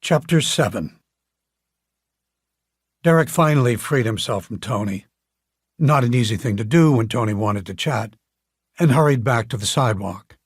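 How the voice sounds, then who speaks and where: A man narrating an audiobook in a calm, measured storytelling manner. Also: mid-range voice, slightly rough, no room sound, clean studio sound. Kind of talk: scripted narration.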